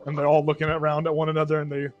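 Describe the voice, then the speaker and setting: Casual game master, light voice. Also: male voice, on the high side, monotone, rapid-fire, muffled recording, music in the background. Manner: casual, rambling, with many fillers. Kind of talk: narrating a tabletop game.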